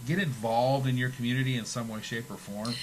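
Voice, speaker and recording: A man's voice: medium pitch, steady tone, fairly quick, a little hiss or hum, low-quality recording. Man host asking rambling questions. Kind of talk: casual chat.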